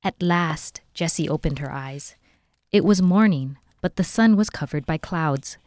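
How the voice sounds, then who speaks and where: Woman reading a storybook aloud, low-voiced. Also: a little slow, darkish tone, dry recording, studio quality. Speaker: library volunteer reading aloud.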